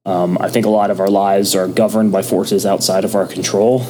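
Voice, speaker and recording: Man, lowish voice, soft murmuring podcast co-host, thoughtful with lots of ums; faint background hum. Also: flat delivery, normal speed. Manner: soft, drifting into a casual ASMR-like murmur; thoughtful, many ums and restarts. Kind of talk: casual chat, reading from a book.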